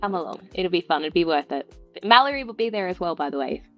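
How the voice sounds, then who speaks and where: A woman's voice: on the low side, expressive, fast talker, soft background music. A woman co-hosting a casual chat, playful and enthusiastic. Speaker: co-host. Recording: dry, dull lo-fi audio.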